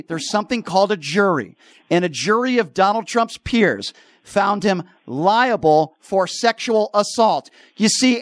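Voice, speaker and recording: Combative high-voiced radio host, man. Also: no echo, studio quality. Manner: combative, talks over callers. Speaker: radio talk show host. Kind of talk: call-in radio talk.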